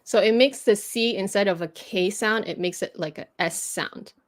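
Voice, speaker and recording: A woman's voice: medium pitch, moderate pace. A woman hosting a livestream, patiently explaining pronunciation rules step by step and laughing easily. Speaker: host teaching pronunciation.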